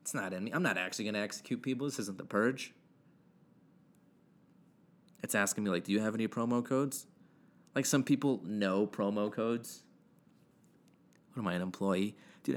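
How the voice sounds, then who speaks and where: A young man with a fairly low voice rambles through a casual solo podcast at home. He jokes at his own expense, swears freely, and drifts from topic to topic. He talks close into a home podcast mic with the gain turned up. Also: moderate pace, long pauses. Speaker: podcast host. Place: house alone with his dog.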